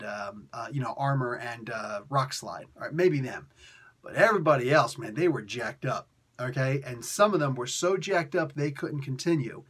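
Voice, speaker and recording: A man reviewing a comic book in a casual, animated way, rambling with lots of fillers and restarts. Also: medium pitch, husky.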